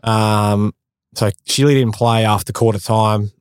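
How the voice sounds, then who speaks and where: A man's voice: on the low side, fairly even intonation, measured pace, clean tone, no room sound, clean studio sound. A man in his thirties with an Australian accent, a former footballer telling stories candidly in a casual podcast interview, self-mocking and slangy. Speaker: guest, former pro footballer.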